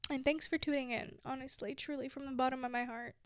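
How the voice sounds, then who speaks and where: A woman's voice: sits high, steady tone, fast talker, a bit bright, clear, resonant tone, no echo. A woman in her twenties hosting her own show, talking casually and heartfelt to her listeners, effusive and giggly. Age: 20s. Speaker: podcast host. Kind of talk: casual solo talk to listeners.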